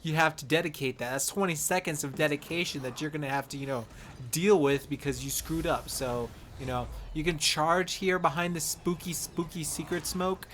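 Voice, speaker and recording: A man's voice: on the high side, steady tone, normal speed, fairly bright tone, slight background noise. A man hosting a casual game guide, talking in a playful, rambling, jokey way. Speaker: gaming channel host.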